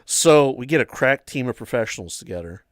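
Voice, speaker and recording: A man's voice: medium pitch, animated, fairly quick, dry recording, clean studio sound. A young man hosting a livestream chat, telling long rambling stories full of "like" and "um". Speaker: livestream host. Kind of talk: casual storytelling chat.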